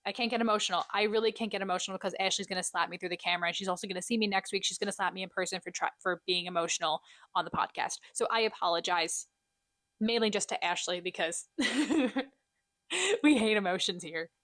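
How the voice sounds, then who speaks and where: A woman's voice: medium pitch, quick pace, no echo. Chatty young woman podcast host, dry sound. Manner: chatty, self-deprecating, animated storyteller. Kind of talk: casual solo catch-up chat.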